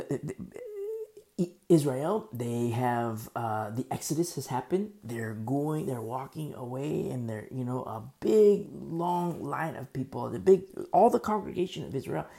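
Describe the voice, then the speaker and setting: A man preaching a sermon as pastor, animated and acting out people in the story. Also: medium pitch, measured pace, gravelly.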